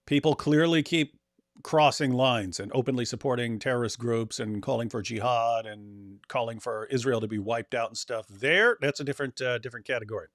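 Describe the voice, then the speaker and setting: Casual male co-host, loose and chatty, mid-pitched, dry close mic, now and then a mocking put-on voice. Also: brisk, fairly bright tone, no room sound. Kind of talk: casual political chat.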